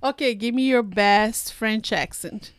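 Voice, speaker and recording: A giggly, teasing woman with a Brazilian accent, chatting on a podcast in a high voice. The recording is dry and close. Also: measured pace, clear, resonant tone, no echo. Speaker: podcast guest co-host. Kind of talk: casual chat.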